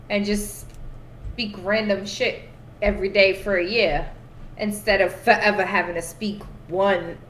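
A woman's voice: medium pitch, a bit bright, roomy sound, slight background noise. A woman hosting a casual podcast game, teasing her friends, swearing freely and laughing often. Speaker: podcast host. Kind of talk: casual chat, party game.

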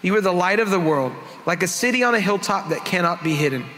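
A man with a high, bright, forceful voice preaches to his congregation in an easygoing, storytelling way. His words ring out with a long reverb through the church hall. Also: lively intonation, fast talker. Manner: conversational, self-deprecating storytelling. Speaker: worship pastor. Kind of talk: sermon with personal stories. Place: church sanctuary.

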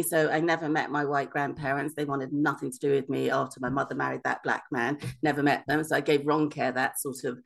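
Fifties woman, author guest; frank, lively, low-pitched, self-deprecating chat. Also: creaky. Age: 50s. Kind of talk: casual interview chat.

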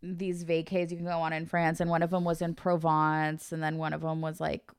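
A woman's voice: sits low, completely flat delivery, a little fast, smooth. A woman co-hosting a podcast in casual, rambling chat, swearing now and then. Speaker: podcast co-host.

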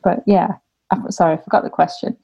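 A woman's voice: on the low side, steady tone, brisk, creaky, dark tone, husky. A young woman talking casually about her family, rambling with lots of "like" fillers. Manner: rambling, heavy use of "like" fillers. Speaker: interviewee. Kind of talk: casual conversation.

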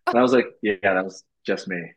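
A young man from Canada telling casual stories as a podcast guest, animated and swearing freely, acting out what people said. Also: low-pitched, a little fast, poor audio. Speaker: podcast guest, former reality show lead. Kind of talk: casual storytelling.

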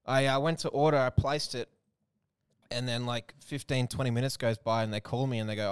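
A man's voice: medium pitch, steady tone, a little fast, clean tone, no room sound, studio quality. A young Australian man co-hosting a podcast in casual chat, blunt and swearing often. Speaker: podcast co-host.

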